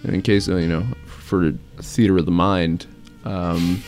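Young male college radio host, lowish voice, rambling and excitable, faint guitar underneath. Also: a little slow. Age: young adult. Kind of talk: casual on-air chat.

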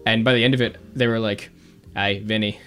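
A man's voice: medium pitch, flat delivery, fast, fairly bright tone, faint music behind. A man co-hosting a casual podcast chat, joking and easygoing, sometimes trailing off. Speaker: podcast co-host.

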